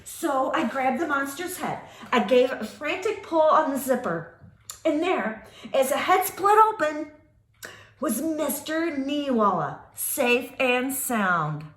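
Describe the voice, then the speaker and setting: A woman reading a spooky children's book aloud with dramatic delivery, pausing to speak to her young listeners. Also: sits high, fairly bright tone. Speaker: storyteller. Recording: roomy echo.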